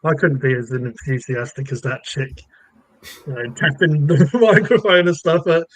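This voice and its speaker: A man chatting casually on a live stream, relaxed and chuckling now and then. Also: fairly high pitch, moderate pace, no echo, rough recording.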